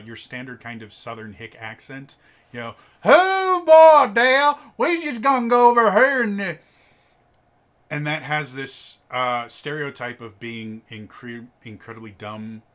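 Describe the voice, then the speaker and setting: A man talks through a tabletop game book review in a loose, rambling way. He stutters often, repeating the first sound of a word several times before it comes out. His voice has a bright, sharp tone at a middle pitch. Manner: loose, rambling delivery full of ums and uhs. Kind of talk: casual video review commentary.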